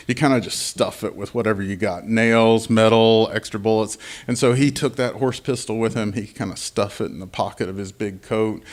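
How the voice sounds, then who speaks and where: A man, telling a spooky folk horror tale live on stage, dropping to whispers and rising to bold, loud moments. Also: gravelly. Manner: dynamic, drops to whispers for suspense and booms for action. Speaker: storyteller.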